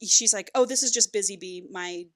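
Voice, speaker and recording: A woman on a casual book podcast retells a novel's plot, her voice bright and forward. She swears freely and drops into the characters' voices as she goes, keeping the pace lively. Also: mid-range voice, brisk. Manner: animated storyteller, swears freely, acts out characters' lines. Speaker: podcast co-host. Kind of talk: casual book-club chat.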